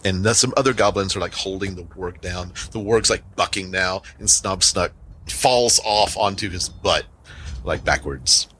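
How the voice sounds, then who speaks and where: Deep-voiced game master for a tabletop game, bright tone, rambling descriptions, light hiss. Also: male voice, moderate pace. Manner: rambling descriptive narration with many fillers.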